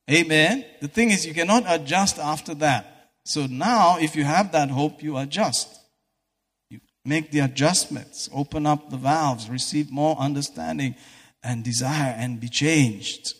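A man preaching a sermon in a church hall, fervent and breaking into exclamations of praise. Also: medium pitch. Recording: echoey hall reverb.

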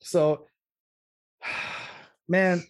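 A man hosting a casual podcast, telling a rambling, profane story in an animated way. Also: high voice, drawn-out words, dry recording, studio quality.

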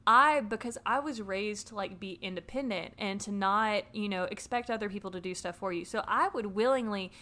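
Bright animated woman telling a story. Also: mid-range voice, normal speed, few pauses. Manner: animated storytelling with frequent swearing. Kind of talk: casual podcast chat.

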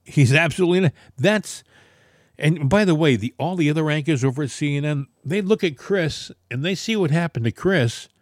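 A man's voice: on the high side, expressive, moderate pace, dry recording, clean studio sound. A man co-hosting a casual political talk show, telling stories in an emphatic, opinionated way. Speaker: podcast co-host.

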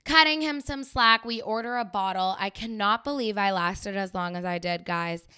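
A woman's voice: medium pitch, moderate pace, bright, forceful tone, clear, resonant tone. A young woman, hosting a podcast and telling a story casually, chatty and sarcastic, laughing often. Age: young adult. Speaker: podcast host.

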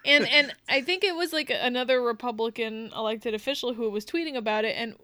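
A woman co-hosting a casual political chat, blunt and quick to laugh. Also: on the high side, sharp tone, smooth, dry recording. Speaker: podcast co-host.

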